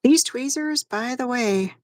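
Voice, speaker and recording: A woman's voice: on the high side, darkish tone, dry recording, studio quality. Easygoing woman co-hosting a live chat. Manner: easygoing and joking, quick to agree. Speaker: co-host and sister.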